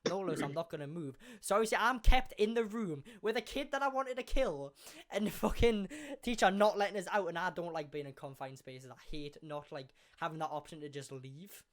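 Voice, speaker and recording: A young man, hosting a podcast and telling a school story in a casual, animated way, full of swearing and acted-out quotes. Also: high voice, fairly quick. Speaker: podcast host.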